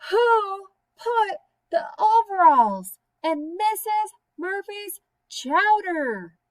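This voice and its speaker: A woman voicing an indignant woman who keeps repeating her question louder, in a high, shrill, strained shout. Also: very animated, very slow, heavily acted. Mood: insistent.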